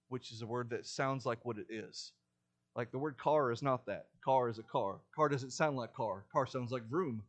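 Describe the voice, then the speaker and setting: A man preaching a sermon in a church, building to loud, urgent warnings and dropping back to a quiet explanatory tone. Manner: emphatic, rises in pitch and volume to stress warnings. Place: church sanctuary.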